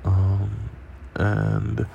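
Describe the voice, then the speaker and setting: A man hosting a podcast, telling a profane, animated story in casual monologue. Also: fairly low pitch, drawn-out words, vocal fry, dull audio, a little hiss or hum. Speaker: podcast host.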